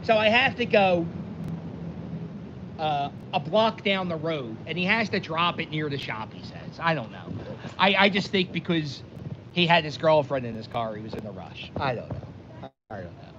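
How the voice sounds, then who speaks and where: An animated vlogger, slightly high-voiced and speaking at a normal speed, recounts a story outside on a windy day. He's self-deprecating and wanders, frequently restarting. The recording sounds dull, with wind noise.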